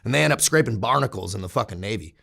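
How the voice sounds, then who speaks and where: Gravelly, profane man telling stories. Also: fairly low pitch, lively intonation, racing, bright, forceful tone. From San Diego, United States. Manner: profane, candid, laughs while telling. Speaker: interview guest. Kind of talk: casual storytelling.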